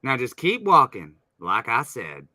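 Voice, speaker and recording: A man's voice: medium pitch, wildly swooping pitch, unhurried, pushed and bright, dry recording, studio quality, heavily acted. A man voicing an easygoing, blunt male scientist with a folksy drawl while reading a comic aloud.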